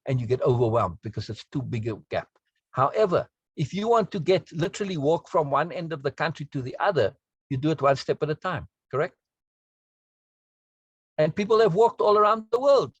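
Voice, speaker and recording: A man's voice: fairly high pitch, expressive, a little fast, slightly rough, no room sound, lo-fi sound. A man teaching a self-help course, explaining in an earnest, emphatic way and often checking in with the listener. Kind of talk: spoken lesson on self-talk.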